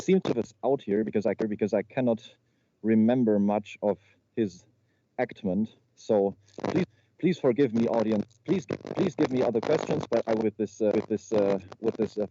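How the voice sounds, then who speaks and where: Speaking at a normal speed in a lowish, warm voice, a man makes up a comedy slideshow on the fly during a video call, tripping over and repeating words. The call microphone gives muffled lo-fi audio with a faint hiss of noise.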